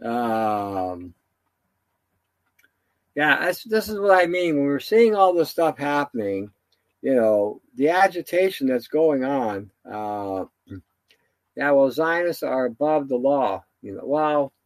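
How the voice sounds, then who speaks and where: A man's voice: mid-range voice, very animated, takes it slowly, dry recording. A man giving a rambling, indignant solo commentary, full of fillers and restarts.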